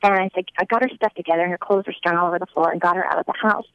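A woman's voice: fairly low pitch, fairly even intonation, rapid-fire, clear, resonant tone, dry recording, lo-fi sound. A woman giving a personal testimony, telling her story earnestly and acting out the dialogue as she recounts it.

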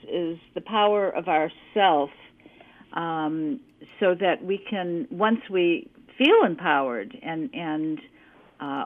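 A woman author being interviewed, speaking thoughtfully with frequent pauses and fillers. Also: lowish voice. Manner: slow, thoughtful, with many fillers. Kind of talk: interview conversation. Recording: tinny phone line.

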